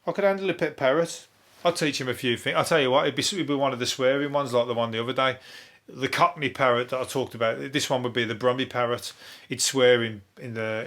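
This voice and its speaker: A rambling comic from rattles through the day's odd news on his own podcast. He swears freely, trips over his words and chuckles at his own jokes, and his voice sits at an everyday middle pitch. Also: steady tone, fast talker, a bit bright. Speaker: podcast host. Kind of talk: comedic news review.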